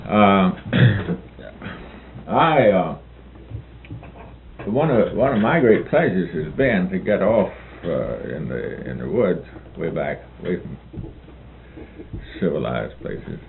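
Slow, gravelly low-voiced man reading fiction. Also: very animated. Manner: halting, repeats words between read passages. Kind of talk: reading a novel aloud with commentary. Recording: phone-like narrow band with faint hiss.

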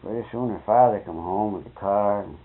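This interviewee, an older man, has a lowish, husky voice and a brisk delivery. His anecdotes are folksy and meandering, told colloquially with the occasional mild swear, and the recording sounds like tinny, narrow-band old tape.

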